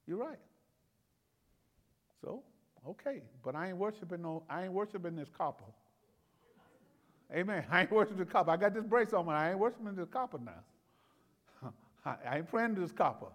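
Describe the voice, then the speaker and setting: A male pastor preaching a Bible-teaching sermon in a folksy, conversational way, with chuckles, repeated words and loud bursts of emphasis. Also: high voice, expressive, brisk, pauses often, big-room sound. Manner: rises to loud exclamations for emphasis. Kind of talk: expository sermon.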